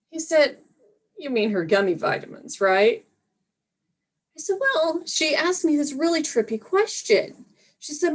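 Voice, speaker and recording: A woman doing a stand-up set with a slow deadpan delivery, voicing her young daughter in between. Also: fairly high pitch. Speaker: stand-up comedian.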